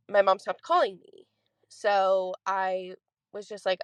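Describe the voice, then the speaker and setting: A woman's voice: medium pitch, unhurried, clear, resonant tone, no echo. Young woman rambling through a voice message. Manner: rambling, many fillers. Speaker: listener sharing a ghost story. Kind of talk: recorded voice message, casual storytelling.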